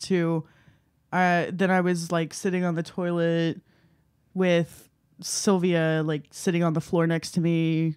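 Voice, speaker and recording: A young woman co-hosting a casual podcast, animated and laughing often as she acts out quotes in exaggerated voices. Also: lowish voice, slow pace, clean tone. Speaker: podcast co-host. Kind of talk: casual chat reviewing a book.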